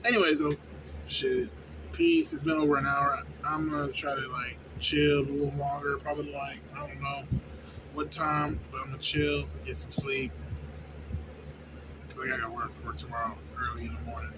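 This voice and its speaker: A young man who works at a fast-food place, venting in a casual, profane, rambling way and often asking "you know what I'm saying?". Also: medium pitch. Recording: noisy background with vehicle sounds.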